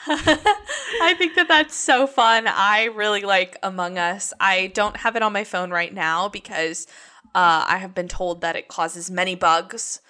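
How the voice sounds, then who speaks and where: A woman's voice: mid-range voice, measured pace, sharp tone. A woman in her twenties co-hosting a podcast in casual chat, laughing often as she walks through researched facts. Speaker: podcast co-host.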